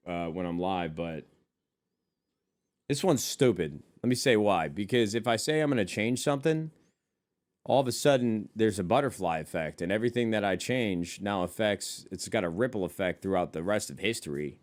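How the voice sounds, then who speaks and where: At a desk with a monitor, a man with a voice on the low side streams live at normal speed. He reads and answers his chat casually, in loose, profane, joking banter.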